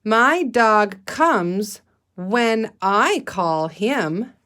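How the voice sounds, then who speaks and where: A woman teacher reading the lines of a matter-of-fact young boy in a plain, steady voice, in a storybook read to children. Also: mid-range voice, slow pace.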